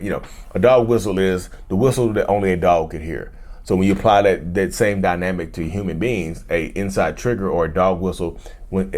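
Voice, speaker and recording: Lively low-voiced man talking to camera. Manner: animated, repetitive, addresses viewers as y'all. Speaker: host. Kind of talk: casual talk to camera.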